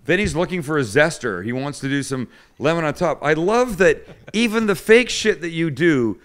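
A man's voice: on the high side, animated, moderate pace, smooth. Joking male cooking show host. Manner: joking storyteller, does voices of others. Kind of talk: casual chat.

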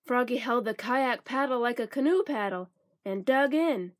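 A woman reading a children's picture book aloud, expressive and playful with sound effects. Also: on the high side, moderate pace, dry recording, clean studio sound. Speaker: storybook reader.

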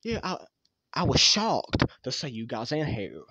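A man's voice: mid-range voice, wildly swooping pitch, measured pace, bright, forceful tone, no echo, heavily acted. A man voicing a grumpy, arrogant male rabbit animatronic who talks in a rude, snappy way in a fan machinima. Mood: defensive.

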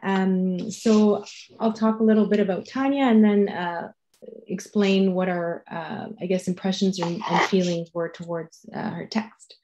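A woman's voice: mid-range voice, fairly even intonation, unhurried, mellow, dull audio, a little hiss or hum. Woman, French accent, jury member, hesitant, fillers, video call. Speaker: jury member introducing a reader. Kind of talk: casual spoken introduction.

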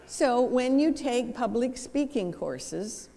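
A woman giving a seminar talk in a lowered, even professional voice, explaining with wry humor into a microphone. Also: drawn-out words. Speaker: seminar speaker. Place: church hall. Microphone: handheld or lapel microphone. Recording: reverberant church hall.

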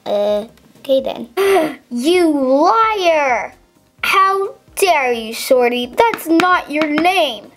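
A woman's voice: high-pitched, big pitch swings, drawn-out words, fairly bright tone, exaggerated voice. A woman voicing a careless, mocking male substitute teacher in a toy skit. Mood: bossy. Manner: dismissive, flippant, mocking.

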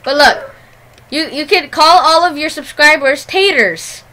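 A woman's voice: high-pitched, unhurried, sharp tone. A woman hosting a casual gaming video, chatting playfully and giggling with a friend. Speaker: gaming channel host. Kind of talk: casual chat while playing a game.

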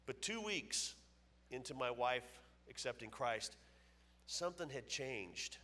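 A man's voice: mid-range voice, lively intonation, slow, sharp tone. A man in his fifties giving a personal testimony as a guest speaker at a church, telling his story emphatically and acting out the dialogue. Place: church auditorium. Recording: long reverb of a church hall.

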